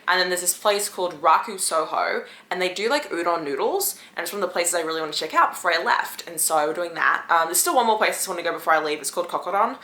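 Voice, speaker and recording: Bright chatty young woman vlogging. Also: lowish voice, lively intonation, reverberant, slight background noise. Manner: chatty, swearing, fast bursts of talk. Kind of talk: casual vlog chat to camera.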